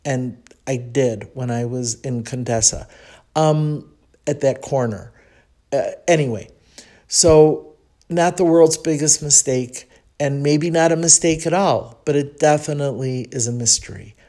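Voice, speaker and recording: A woman's voice: rumbling low, measured pace, mellow. Woman, Chicago accent, podcast host, casual monologue, rambling, reflective, lots of ums. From United States (Chicago).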